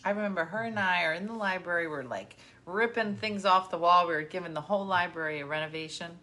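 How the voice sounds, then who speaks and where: A middle-aged woman chatting casually, telling lively stories and acting out the voices of the people in them. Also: fairly low pitch, fast. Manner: animated storyteller who acts out quoted voices. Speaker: storyteller. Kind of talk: casual chat.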